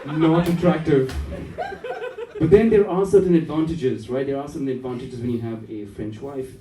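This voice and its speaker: A man's voice: mid-range voice, moderate pace, a crowd in the background. A man from India performing a standup comedy set, playful and often laughing at his own jokes. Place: comedy night in a café. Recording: roomy club with a distant mic.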